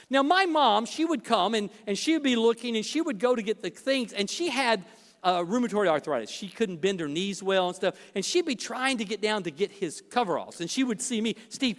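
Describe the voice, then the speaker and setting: A middle-aged man preaching from the pulpit, his fairly high voice swinging widely in pitch as he acts out little voices to illustrate his points. The sound carries a long, ringing church-hall reverb. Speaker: pastor. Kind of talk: sermon. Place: church sanctuary.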